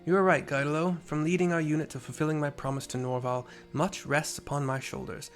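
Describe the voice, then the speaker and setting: A man's voice: on the high side, steady tone, a little fast, faint music behind, voice pushed up, lightly acted. A man reading an earnest young officer.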